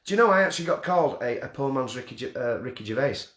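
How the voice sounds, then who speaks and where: A man's voice: medium pitch, expressive, quick pace, a bit bright. A man hosting a festival live stream from his front room, joking and self-deprecating as he rambles through the winners. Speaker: festival host announcing winners. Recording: roomy front-room echo.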